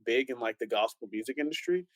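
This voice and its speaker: A man's voice: medium pitch, quick pace, no echo, rough recording. A young man and pastor's son telling stories in a casual panel chat, acting out the people he quotes. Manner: animated storyteller, acts out quoted voices.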